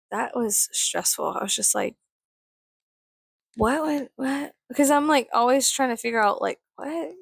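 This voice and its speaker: A woman vlogging casually while doing her makeup, rambling and swearing, sometimes dropping to a soft whisper. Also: mid-range voice, gravelly, no echo.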